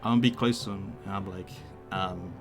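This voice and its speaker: A man's voice: deep voice, steady tone, fairly quick, faint music behind. A man playing a tabletop game who describes his actions hesitantly, trailing off with fillers. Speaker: player. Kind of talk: casual tabletop play.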